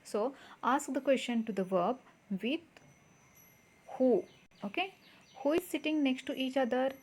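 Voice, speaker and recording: A woman's voice: sits high, a little slow, darkish tone. A woman teaching a grammar lesson to schoolchildren, patiently repeating points and quizzing the class.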